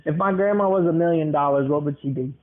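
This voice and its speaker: A man's voice: a little high, fast talker. Rambling man with a tinny, phone-like sound. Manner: rambling, repeats words, many fillers. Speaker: podcast host. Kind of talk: casual rambling monologue.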